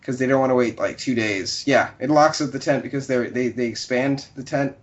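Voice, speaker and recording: A man co-hosting a casual podcast chat, talking loosely and acting out characters in quick quoted bits. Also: medium pitch. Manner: animated, acts out game characters in quick quotes. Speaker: podcast co-host. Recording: dull lo-fi sound.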